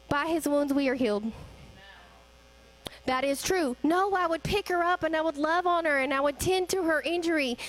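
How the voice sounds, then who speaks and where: High-voiced woman preaching. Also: low-quality recording. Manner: conversational, addresses congregation directly, rhetorical questions. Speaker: church speaker. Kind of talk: sermon.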